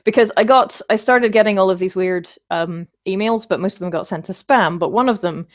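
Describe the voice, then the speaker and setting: A woman's voice: medium pitch, fairly quick. A woman hosting a casual livestream, chatting and rambling as she answers viewer comments, with wry self-deprecating asides.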